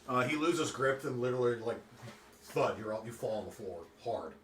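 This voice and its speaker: A man runs a tabletop game, describing scenes in an easygoing voice full of little pauses. His voice is mid-pitched, and it echoes and sounds distant with a faint hiss. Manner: relaxed, with many fillers. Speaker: game master. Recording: echoey room, far from the mic.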